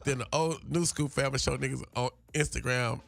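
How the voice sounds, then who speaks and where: Gravelly, brash male comedian. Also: medium pitch, fairly even intonation, a little fast. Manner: brash, profane, swings into loud shouted bits. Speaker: guest comedian. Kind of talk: casual interview chat.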